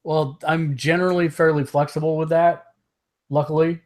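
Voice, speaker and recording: A man's voice: fairly high pitch, little pitch movement, moderate pace, a little mellow. A man co-hosting a gaming podcast, chatting casually and loosely, with hiccups and easy laughs. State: has the hiccups. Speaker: podcast co-host. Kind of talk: casual chat.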